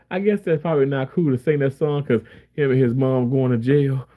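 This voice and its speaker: A man's voice: mid-range voice, steady tone, fairly quick, narrow, tinny audio. A man chatting casually on a live stream, reading viewer comments aloud and rambling with frequent laughter. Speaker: livestreamer reading chat.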